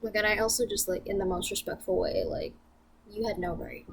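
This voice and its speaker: A woman's voice: medium pitch, fairly even intonation, a little fast, slight background noise. A young woman venting to camera in a casual vlog, blunt and profane, rambling with lots of fillers. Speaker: vlogger.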